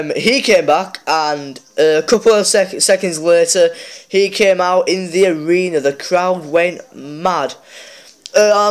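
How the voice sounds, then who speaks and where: A man hosting a mobile game channel, casually recapping a wrestling show with lots of fillers and restarts. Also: high-pitched. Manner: rambling, many fillers and restarts.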